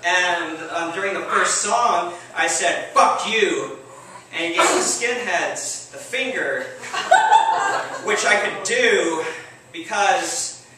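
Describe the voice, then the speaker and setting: A man telling a true story on stage, wry and self-mocking, halting often with fillers. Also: high-pitched, sharp tone, slight background noise. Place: theater stage. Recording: echoey room, distant mic.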